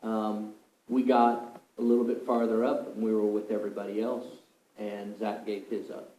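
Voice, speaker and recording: Man, wry reflective storyteller, mellow voice, echoing room. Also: lowish voice, little pitch movement, normal speed. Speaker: mission trip member. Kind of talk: recounting a trip story to a group. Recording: roomy echo.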